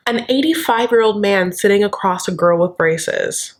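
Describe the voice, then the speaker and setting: A woman's voice: medium pitch, normal speed, few pauses. Sassy lady doing a gossipy tv recap, campy, calls everyone honey. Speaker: show recap host. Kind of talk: comedic TV recap vlog.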